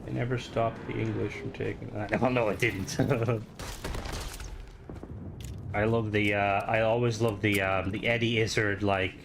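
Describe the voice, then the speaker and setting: A man's voice: on the low side, little pitch movement, a little slow, vocal fry, slight background noise. A young Irish man streaming a game, chatting casually in a rambling way full of filler words. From Ireland. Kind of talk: casual gameplay commentary.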